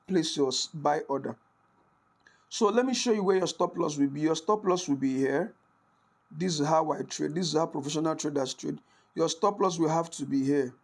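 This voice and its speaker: Slightly high and creaky, the voice belongs to a man who teaches forex trading through a screen-recorded tutorial. He chats casually, leans on "right?" to check in, and regularly restarts his sentences to correct himself.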